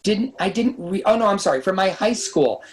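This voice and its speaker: Man telling brisk, lively anecdotes. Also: sits high, low-quality recording. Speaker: guest screenwriter and director. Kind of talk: casual podcast interview. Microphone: podcast microphone.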